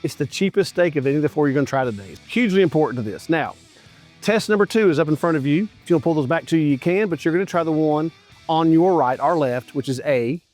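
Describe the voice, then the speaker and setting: A man's voice: a little high, animated, quick pace, a little mellow. Man, middle-aged, folksy, enthusiastic, talks to viewers, outdoors, faint music underneath. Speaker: barbecue cooking show host. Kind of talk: casual cooking and tasting commentary. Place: outdoors at a grill.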